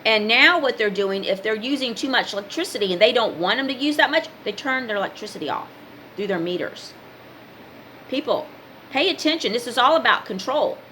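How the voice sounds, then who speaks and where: A woman's voice: on the high side, lively intonation, fairly quick, bright, forceful tone, a little hiss or hum. A woman in her fifties giving a blunt, emphatic motivational talk in a casual vlog. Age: 50s. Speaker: spiritual vlogger and card reader.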